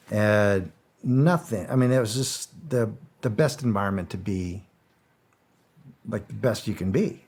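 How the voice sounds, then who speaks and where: A man's voice: fairly low pitch, a little slow, a little mellow, breathy edge. A middle-aged man and former soldier telling stories as a guest in a casual interview, rambling, repeating himself and swearing freely. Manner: rambling, repeats words, swears freely, acts out quoted dialogue.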